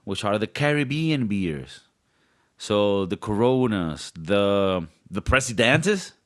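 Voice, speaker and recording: A man's voice: on the low side, very animated, takes it slowly. A young man co-hosting a podcast, rambling and joking in casual banter, swearing often. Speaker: podcast co-host.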